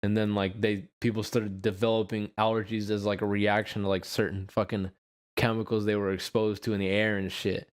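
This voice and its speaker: A man's voice: on the low side, little pitch movement, brisk, smooth. Casual young man hosting a podcast. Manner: loose, profane, rambling with fillers. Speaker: podcast host.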